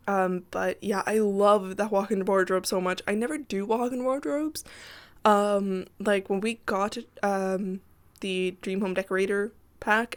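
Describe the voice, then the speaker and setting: A tired woman rambling in casual voice-over chat over a game build, apologetic and giggling often, talking from her PC at home. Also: medium pitch. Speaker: Sims builder and YouTuber.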